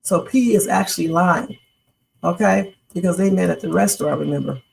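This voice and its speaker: Woman livestream host, low gravelly voice, chatty and opinionated, casual reaction stream. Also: normal speed, a little mellow, slight background noise, rough recording. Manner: chatty, opinionated, talks to the chat.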